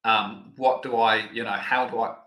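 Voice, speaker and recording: A man's voice: fairly low pitch, steady tone, moderate pace, pushed and bright, roomy sound. A man hosting a live online Q&A lesson, chatty and loose, with plenty of fillers. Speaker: health educator host.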